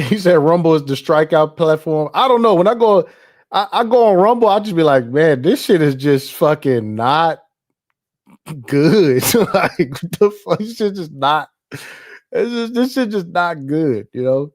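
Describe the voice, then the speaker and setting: Male political commentary host, casual and profane, quick to laugh, a touch high-pitched. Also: animated. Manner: loose, profane, laughing, reacting to on-screen ads.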